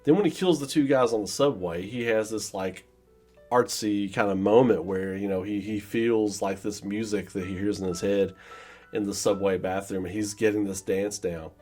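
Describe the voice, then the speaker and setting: A man's voice: fairly low pitch, normal speed, darkish tone, soft background music. A man giving a casual, rambling film review, full of "you know" fillers and acting out scenes in quoted voices. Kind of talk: casual spoken movie review.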